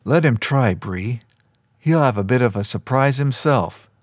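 A man's voice: mid-range voice, animated, measured pace, dry recording, studio quality. A man reading a story voices a shy but stubborn teenage boy hero in a plain, earnest way.

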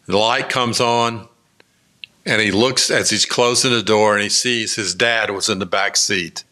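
A man preaches a sermon at an unhurried pace, easing into his points with filler words. His voice has a bright, forward tone. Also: lowish voice, steady tone. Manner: slow, conversational storytelling with many fillers. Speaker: pastor.

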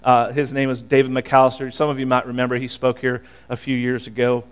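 A man in his sixties from Boston, preaching a conversational sermon and telling a personal story with many halting restarts. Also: mid-range voice, monotone, clear, resonant tone. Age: 60s. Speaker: pastor.

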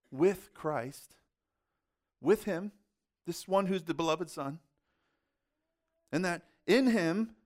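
A male pastor with a notably high voice delivers a sermon in a relaxed, conversational way. He poses rhetorical questions to his listeners and drops in casual asides as he explains his point.

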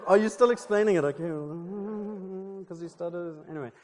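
A man from South Africa preaching a casual sermon in a church, chatty and playful with loose fillers. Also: sits high. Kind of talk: casual sermon with joke and prayer. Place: church hall. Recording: long church hall reverb.

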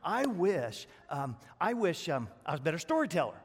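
A man delivering a sermon as a pastor, his voice sitting a little high. He talks fast and folksy, and the sound rings out with long reverb through a big church sanctuary. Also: very animated, breathy edge. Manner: fast-talking, self-described; folksy, rural American speech. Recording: long reverb of a large hall.

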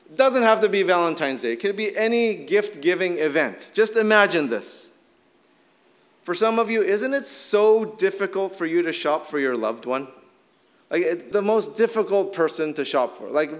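A middle-aged man, a little hoarse from shouting, preaching a casual, conversational sermon full of "like" fillers. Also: high-pitched, expressive, moderate pace. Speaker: pastor. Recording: long hall reverb.

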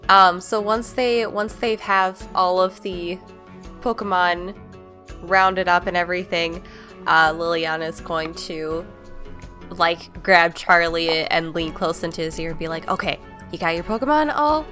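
A woman's voice: on the low side, flat delivery, a little slow, bright, forceful tone. Female player, giggly and chatty, filler-heavy, faint music behind. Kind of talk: casual tabletop play.

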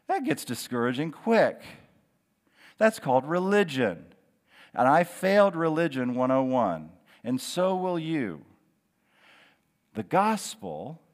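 Animated pastor preaching in a reverberant hall. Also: male voice, on the high side. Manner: earnest, encouraging, emphatic with slow drawn-out phrases. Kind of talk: sermon. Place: church sanctuary.

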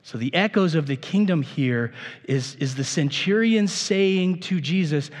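A man's voice: on the high side, expressive, unhurried, in a large hall. A man preaching a sermon as pastor in a casual, conversational way, often restarting his phrases.

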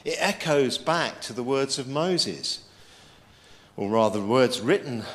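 Lively man preaching in an echoing hall. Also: medium pitch. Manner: lively, emphatic preaching with quoted scripture. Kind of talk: sermon. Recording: long hall reverb.

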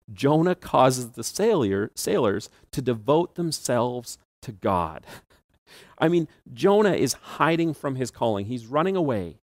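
In a chatty, storytelling sermon, this pastor breaks into small laughs and asides as he retells the tale. He speaks at a typical middle pitch, captured in close, dry audio with hardly any room echo.

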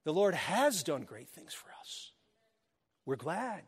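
A man preaching a sermon as pastor of a church, animated and joking with his congregation. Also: fairly high pitch, measured pace, breathy edge. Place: church sanctuary. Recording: long hall reverb.

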